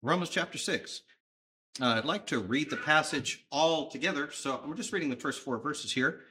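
A man preaching a sermon, conversational and emphatic, with thoughtful pauses. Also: on the high side, sharp tone, a little hiss or hum. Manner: emphatic, conversational with fillers, pausing.

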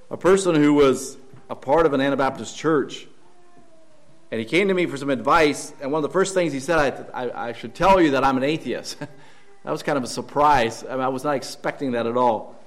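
A man preaching a Sunday morning sermon in a church, earnest and halting, often repeating words and posing questions to the congregation. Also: mid-range voice.

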